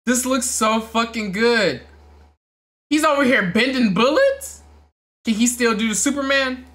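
A reaction host with a lively, bright voice who keeps leaping up into excited shouts. He talks in loose, casual slang while watching a trailer at home. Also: extremely high pitch, measured pace.

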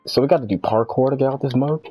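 A man's voice: medium pitch, fast talker, dark tone, slightly rough, faint music behind, poor audio. A man hosting a gaming video, chatting casually and rambling through self-corrections while he plays. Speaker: gaming channel host. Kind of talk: casual gameplay chat.

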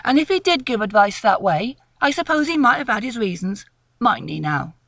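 Lady doing grumpy old village woodman, country talk, a bit lower than her own voice, lively. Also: moderate pace, gravelly, dry recording, exaggerated voice. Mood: grumbling. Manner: country dialect speech, grumbling. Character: old rural male woodman, near eighty, gruff and proud.

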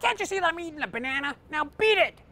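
A man voicing a rude male zoo monkey who barks his lines loudly and brashly. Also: very high voice, lively intonation, quick pace, pitched above the performer's own voice, full character voice. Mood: angry. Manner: loud, brash, barking.

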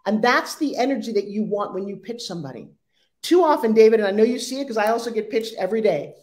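A woman in her sixties speaking as an interview guest, animated and acting out sales pitches in quoted voices. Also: fast. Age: 60s. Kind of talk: energetic interview talk.

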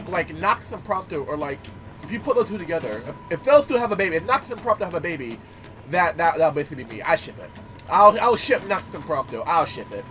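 A man's voice: a little high, big pitch swings, brisk, fairly bright tone, a little hiss or hum. A man giving casual gameplay commentary, telling stories animatedly, swearing and laughing often. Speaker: gaming YouTuber.

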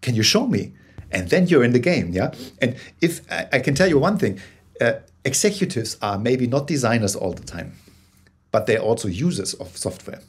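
A man, a guest on an interview podcast, explaining ideas in a lively, conversational way over a call, with many restarts. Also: mid-range voice, normal speed, husky. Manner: many restarts, animated bursts, laughs. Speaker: guest, corporate storyteller.

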